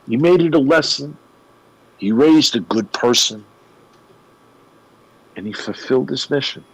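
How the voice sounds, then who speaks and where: A man, a guest on a radio show, retelling a story in an animated way with emphatic pauses. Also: mid-range voice, breathy edge, rough recording. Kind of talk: conversational storytelling.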